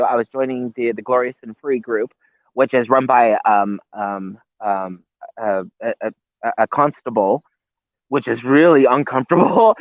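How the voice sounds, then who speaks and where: A man's voice: medium pitch, dry recording. A man who is a guest on a live-stream interview, talking in a heated, rambling way with swearing and many restarts. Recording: tinny phone-like line, dry.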